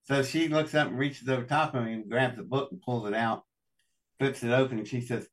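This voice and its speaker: A man's voice: mid-range voice, fairly even intonation, brisk, far from the mic. An older man from West Virginia, a show guest telling long folksy stories with chuckles. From West Virginia, USA. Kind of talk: storytelling interview.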